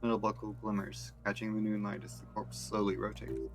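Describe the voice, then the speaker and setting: A man streaming a video game, reading its text aloud in a flat, deadpan way with wry asides. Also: lowish voice, a little fast, faint music behind.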